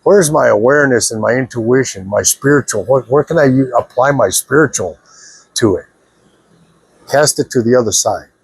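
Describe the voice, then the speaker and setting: A man's voice: fairly high pitch, husky, no echo. A man talking straight to his viewers in a casual, preachy monologue. He repeats himself earnestly and keeps checking that they follow him. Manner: earnest, repetitive, keeps checking the listener understands. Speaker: vlogger giving advice.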